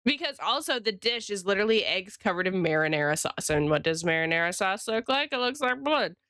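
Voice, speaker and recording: A woman's voice: medium pitch, very animated, a little fast, fairly bright tone, no echo, clean studio sound. A woman streamer and illustrator chatting casually with her live viewers, rambling and greeting them by name.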